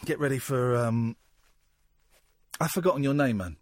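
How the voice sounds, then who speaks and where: A man's voice: normal speed, no room sound. A man with an English accent hosting a late-night radio phone-in from a studio, joking and bantering with callers. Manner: joking, bantering, drops to a low mutter at times. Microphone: studio microphone.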